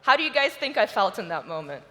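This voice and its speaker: A woman's voice: mid-range voice, sing-song, fast talker, bright, forceful tone. Emotional woman speaker in a reverberant hall. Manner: personal, emotional storytelling. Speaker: conference speaker. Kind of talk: motivational stage talk. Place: large conference hall stage.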